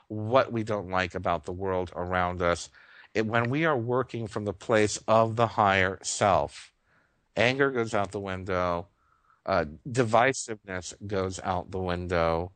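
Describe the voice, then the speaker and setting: A man with a fairly low voice delivers an impassioned spiritual monologue on talk radio, earnest and heartfelt. He circles back on phrases to press his point. The sound is dry and close, with no room around it. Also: fairly bright tone, no echo. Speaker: radio show host.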